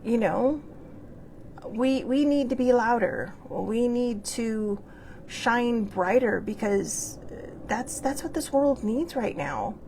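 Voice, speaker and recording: A woman's voice: fairly high pitch, warm tone, a little hiss or hum. A woman hosting a show, talking in a rambling, earnest casual monologue full of fillers and restarts, with the odd swear word. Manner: earnest, with bursts of laughter and mild swearing. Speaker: host.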